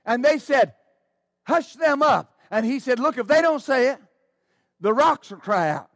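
Male pastor, very high voice, fervent sermon delivery with restarts, dry close recording. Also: lively intonation, a little slow, no echo. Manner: fervent, exclaiming praise, stammering restarts.

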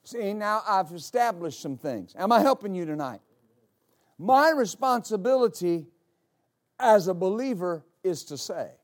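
A middle-aged male pastor telling a story in a sermon, with many halting restarts that build into emphatic declarations. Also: high voice, lively intonation.

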